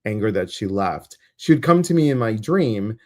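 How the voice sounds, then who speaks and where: A man's voice: fairly low pitch, moderate pace. Chatty man co-hosting a livestream. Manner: animated storytelling, acts out his own reactions. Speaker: co-host of a weekly intuitive live show. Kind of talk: casual livestream chat.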